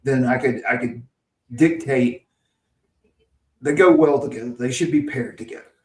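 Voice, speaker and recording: A man's voice: medium pitch, normal speed. Rambling storyteller man, roomy and distant. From Mississippi. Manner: rambling anecdotes with frequent restarts and chuckles. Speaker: podcast host. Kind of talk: casual storytelling chat. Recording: roomy, set back from the mic.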